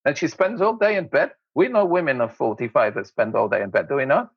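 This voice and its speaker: A man, an interview guest, telling anecdotes in an animated way, laughing often and acting out voices. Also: mid-range voice, a little fast, slightly rough, dry recording, lo-fi sound. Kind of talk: anecdotal storytelling.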